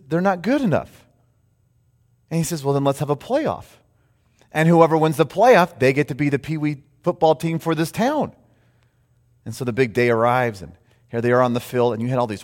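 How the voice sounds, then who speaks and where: Male pastor, high and very expressive, echoing in a large sanctuary. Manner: animated storytelling with shifting volume and pace. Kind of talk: sermon. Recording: reverberant hall.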